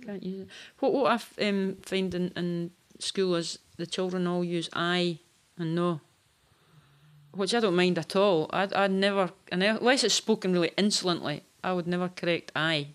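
A woman teacher with a Highland Scottish accent, talking matter-of-factly in a group chat. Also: steady tone, normal speed.

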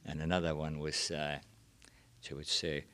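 A man's voice: very deep voice, little pitch movement, moderate pace, a bit bright, clear, resonant tone. An older man with a Scottish accent, recalling old sayings in a rambling, casual way, full of asides. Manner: rambling, chuckling, peppered with you know. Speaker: reminiscence group member. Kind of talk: casual storytelling.

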